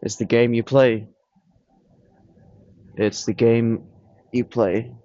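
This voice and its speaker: A man's voice: medium pitch, level tone, slow pace, mellow, no echo, lo-fi sound. A man talking to a camera on a tripod in a blunt, dismissive, rambling monologue. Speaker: vlogger.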